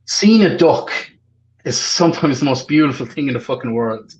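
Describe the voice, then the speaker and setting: This is a man talking openly as a podcast guest, his pitch rising and falling a lot as he goes. He is candid and jokey and swears without a second thought. He comes through a remote call mic. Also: animated, moderate pace, low-quality recording. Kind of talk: casual emotional chat.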